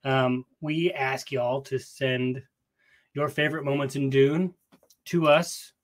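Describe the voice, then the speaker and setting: Guy cohosting a book podcast, goofy and chatty, mid pitch, taping in a tiny closet. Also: steady tone, takes it slowly. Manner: playful, jokey, chatty with filler words. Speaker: podcast co-host. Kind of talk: casual podcast chat. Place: small closet.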